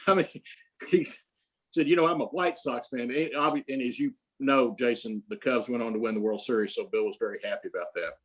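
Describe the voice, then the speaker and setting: A man's voice: mid-range voice, fairly quick, slightly rough, poor audio. An older man, an interview guest, telling rambling stories full of quoted dialogue, with frequent restarts. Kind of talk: casual storytelling.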